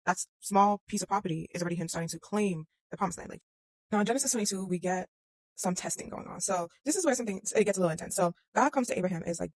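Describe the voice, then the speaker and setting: Fast, slangy young Bible-story host. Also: mid-range voice, darkish tone, slightly rough, no echo. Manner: chatty, slangy retelling with quoted asides. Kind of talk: casual Bible story explainer.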